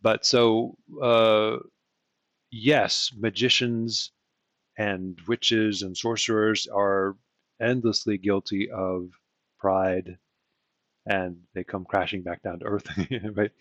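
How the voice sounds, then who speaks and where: A man teaching in a loose, rambling lecture, often checking in with "okay?" and pausing on fillers. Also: fairly low pitch, flat delivery, fairly bright tone, no room sound. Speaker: occult teacher. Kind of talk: casual lecture to camera.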